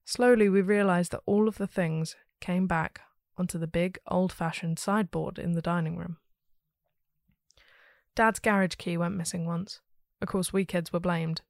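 A woman hosting a story podcast, reading a listener's ghost story aloud with steady, expressive storytelling. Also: on the low side, moderate pace, no echo, studio quality.

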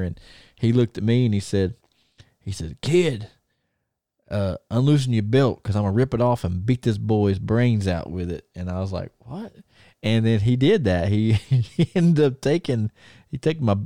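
A man's voice: on the low side, warm tone, dry recording, clean studio sound. A man with a Southern country accent, co-hosting a podcast and telling rambling stories with frequent laughs. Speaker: podcast co-host. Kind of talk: casual chat, storytelling.

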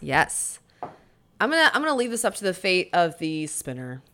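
A woman's voice: lowish voice, very animated, normal speed, a bit bright. A young woman co-hosting a podcast, rambling playfully and laughing easily. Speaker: podcast co-host. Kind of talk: casual chat.

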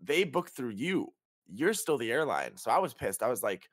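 A man's voice: mid-range voice, lively intonation, moderate pace, fairly bright tone, no room sound, clean studio sound. A young man hosting a podcast, telling a travel story in casual, profane, exasperated chat. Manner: profane, exasperated retelling with quoted dialogue. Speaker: podcast host.

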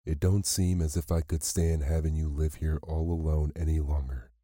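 A man voicing a shamefaced, trembling village man who speaks in a halting, earnest way. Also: rumbling low, little pitch movement, dark tone, breathy edge, no room sound, clean studio sound. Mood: broken.

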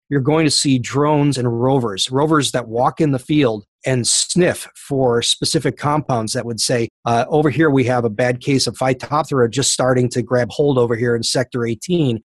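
A man's voice: medium pitch, dry recording, studio quality. A middle-aged man, a professor being interviewed, explaining with enthusiasm and frequent fillers. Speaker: professor and podcast guest. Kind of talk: interview answers.

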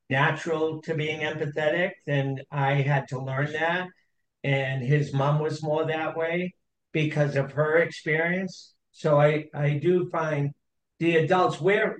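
Thoughtful middle-aged man, echoey room. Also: fairly high pitch. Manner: thoughtful, measured, with "uh" pauses. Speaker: host. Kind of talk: conversational interview.

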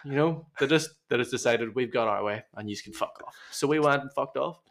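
Laughing, sweary lad. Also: male voice, mid-range voice, brisk, a bit bright. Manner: swears freely, laughs often, storytelling. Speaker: podcast co-host. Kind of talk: casual chat.

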